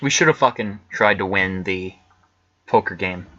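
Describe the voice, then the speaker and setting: A man's voice: low-pitched, moderate pace, pushed and bright, muffled recording. A man co-hosting a let's play, chatting casually and weighing game choices aloud. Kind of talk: casual gameplay chat.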